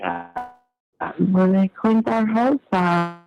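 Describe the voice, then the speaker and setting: Give me a hesitant man with a high-pitched, creaky voice who speaks slowly. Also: huge pitch swings, dull audio, faint music behind. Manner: halting and hesitant.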